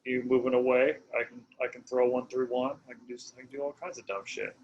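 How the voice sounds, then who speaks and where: A man's voice: mid-range voice, flat delivery, fast talker, lo-fi sound, a little hiss or hum. A man co-hosting a podcast, rambling and laughing through casual banter. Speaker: podcast co-host. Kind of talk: casual chat.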